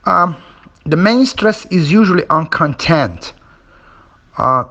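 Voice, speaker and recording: A man teaching a phonetics lesson, slowly spelling out each sound with an example word. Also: on the high side, lively intonation, a bit bright, lo-fi sound.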